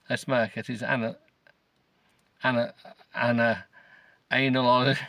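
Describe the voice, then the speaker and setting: A man's voice: medium pitch, flat delivery, slow, long pauses, pushed and bright, dry recording. A middle-aged man hosting a podcast, reading a novel aloud with sarcasm, swearing and stumbling over words. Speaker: podcast host. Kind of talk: mocking comedic reading of a novel.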